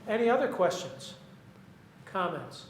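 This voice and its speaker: A poet talking with his audience after a reading, his voice sitting high for a man. He rambles in a friendly, halting way, restarting sentences as he goes. The room rings with echo and a faint hum lies behind him. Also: sing-song.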